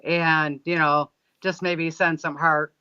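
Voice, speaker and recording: A man from Michigan, a guest who runs paranormal events, speaking haltingly with many fillers and restarts. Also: fairly high pitch, level tone, sharp tone, smooth, highs cut off. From Michigan, USA. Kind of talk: casual interview chat.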